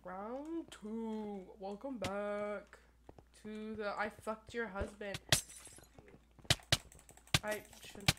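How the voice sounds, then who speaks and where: A young woman giving gameplay commentary at her computer, full of crude, profane, playful trash talk and quick rants. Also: medium pitch, steady tone. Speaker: gaming YouTuber. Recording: noisy recording with keyboard clicks.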